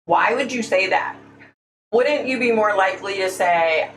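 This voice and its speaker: A woman with a medium-pitched, slightly bright voice hosts a casual livestream at an unhurried pace. She's blunt and opinionated, says "y'all," and speaks her mind. The mic sits at a distance in an echoey room with a faint hum.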